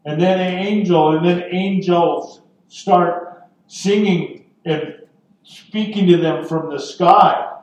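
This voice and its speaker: A man preaching a sermon as pastor, earnest and deliberate, with dramatic pauses. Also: sits high, steady tone, darkish tone. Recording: echoey room from far off.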